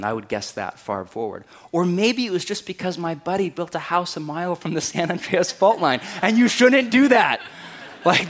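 A man, preaching a conversational sermon in a wry, animated way and raising his voice to act out quotes. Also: sits high. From California. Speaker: pastor.

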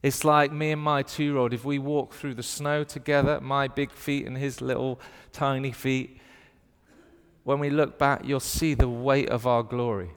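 Northern English preacher in a big hall. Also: male voice, mid-range voice, measured pace, smooth. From north of England. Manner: animated storytelling with playful put-on voices. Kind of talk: sermon.

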